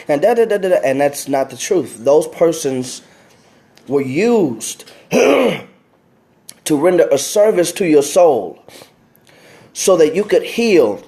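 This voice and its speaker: A man's voice: on the high side, dark tone. A man giving earnest life advice in a casual talk, often repeating himself and restarting sentences. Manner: greets viewers by name mid-talk.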